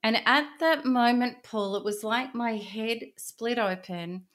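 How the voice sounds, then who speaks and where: A middle-aged woman, an interview guest, telling her personal story in an earnest, intense way, often dropping to a hushed voice. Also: fairly high pitch.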